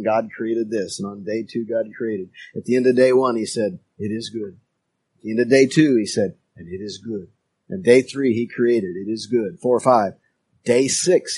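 A man preaching a sermon as a pastor, talking in a measured way with pauses and emphatic phrases. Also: mid-range voice, darkish tone, slightly rough.

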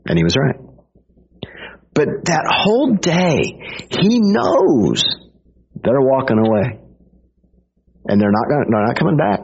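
A man preaching a casual storytelling sermon, husky-voiced and animated, breaking into little acted quotes. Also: medium pitch, unhurried, pauses often. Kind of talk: conversational sermon. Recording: dull lo-fi recording.

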